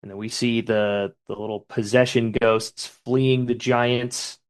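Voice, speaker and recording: Man, mid pitch, co-host, plain panel-by-panel narration. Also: little pitch movement, slow. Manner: narrates panels plainly, reading character lines in turn. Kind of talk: casual chapter recap.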